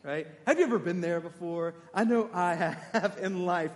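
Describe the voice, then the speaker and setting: A man preaching a sermon, animated and emphatic, putting questions to his congregation. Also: high voice, moderate pace, in a large hall.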